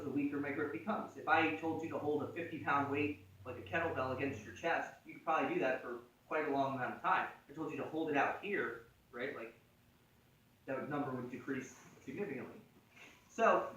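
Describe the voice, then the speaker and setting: A man's voice: a little high, sharp tone. A man teaching a jiu-jitsu choke to a class in a gym, talking casually and joking, checking in with "right?" as he explains. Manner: joking, conversational, frequent "right?" check-ins. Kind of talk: casual technique instruction. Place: martial arts gym. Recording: echoey room, mic at a distance.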